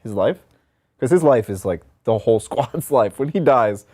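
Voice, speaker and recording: A man's voice: mid-range voice, lively intonation, normal speed, warm tone. A man co-hosting a casual gaming podcast, explaining rules and laughing often. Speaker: podcast co-host. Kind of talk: casual chat answering questions.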